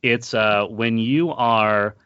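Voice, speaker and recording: A man hosting an interview, talking earnestly in a casual, halting way with many fillers and restarts. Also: on the low side, steady tone, clean tone, no room sound, dull audio. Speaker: podcast host.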